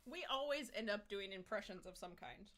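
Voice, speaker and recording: A woman's voice: mid-range voice, animated, a little fast, a bit bright. Teasing woman co-host. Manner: teasing, dry banter. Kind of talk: casual chat.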